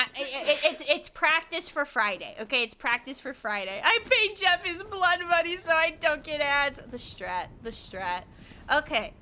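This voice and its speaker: A giggly woman streamer talks through her game in a high, bright voice. Her pitch jumps all over as she chats and swears playfully. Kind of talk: casual gaming commentary.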